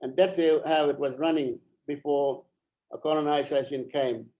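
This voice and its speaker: A middle-aged man from Arnhem Land speaking at an online forum as a member of parliament, halting and earnest, repeating phrases, a little out of breath. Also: fairly high pitch, steady tone, dark tone, poor audio. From Arnhem Land, Australia.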